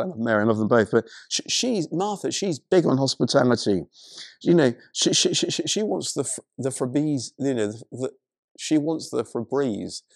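A male pastor preaching a sermon, retelling a story in an animated way, with many stammered restarts. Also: mid-range voice, vocal fry, no echo, clean studio sound.

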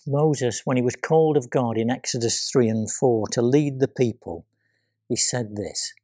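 A man preaching a sermon, retelling scripture with dramatic pauses and hushed quoted voices. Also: mid-range voice, dry recording, clean studio sound.

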